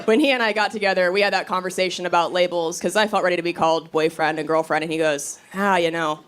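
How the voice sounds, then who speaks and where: A woman's voice: fairly low pitch, steady tone, fast, some chatter behind. A woman in her thirties doing a stand-up comedy set, telling stories with punchy timing, acting out quoted lines and laughing at her own jokes. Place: comedy club stage with live audience laughing. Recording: live club recording, audible room noise.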